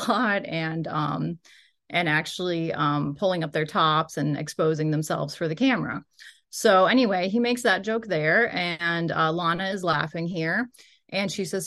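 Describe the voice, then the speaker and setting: A woman's voice: deep voice, a bit bright. A woman giving a recorded lecture, walking through a transcript in a loose, explanatory way and often hedging as she goes. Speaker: linguistics lecturer.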